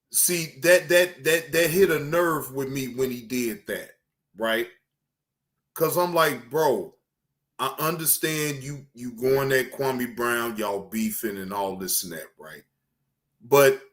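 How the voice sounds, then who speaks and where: Slow-talking emphatic male host. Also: medium pitch, a bit bright. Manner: earnest, emphatic, addresses viewers. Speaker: reaction show host. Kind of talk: casual commentary.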